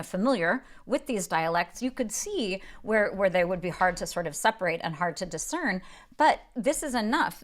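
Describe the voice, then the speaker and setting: Woman talking through a novel on her book show, mid pitch, thoughtful, restarts a lot as she explains. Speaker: book podcast host. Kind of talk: casual literary talk with read-aloud passages.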